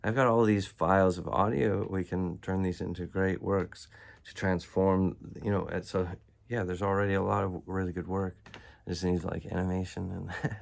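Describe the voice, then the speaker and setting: A man's voice: low-pitched, flat delivery, moderate pace, creaky. A man talking alone to his viewers in a loose, disjointed monologue, full of fillers and bursts of laughter. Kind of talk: rambling solo monologue to viewers.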